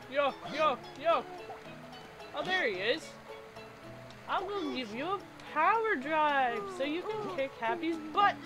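High-voiced giggly woman gamer. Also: low-quality recording. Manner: excitable and giggly, talking to the game characters. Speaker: gaming video creator. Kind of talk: let's play commentary. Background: game music.

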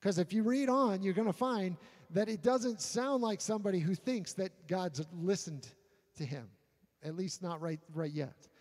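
A man preaching a sermon in a casual, halting way, often repeating words as he gathers his thoughts. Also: sits high, darkish tone, in a large hall. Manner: conversational, halting with frequent repeats. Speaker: pastor.

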